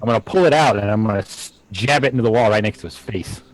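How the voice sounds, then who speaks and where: A man's voice: lowish voice, fast talker, a little hiss or hum, rough recording. A man playing a tabletop game, brash and swearing as he declares his character's actions. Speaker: player. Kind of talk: casual tabletop play.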